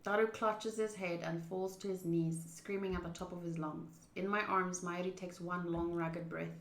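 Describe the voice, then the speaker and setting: A woman's voice: fairly low pitch, fairly even intonation, moderate pace, gravelly, echoey room, slight background noise. Chatty woman reading a game aloud. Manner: chatty, eats while talking. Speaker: streamer playing a visual novel.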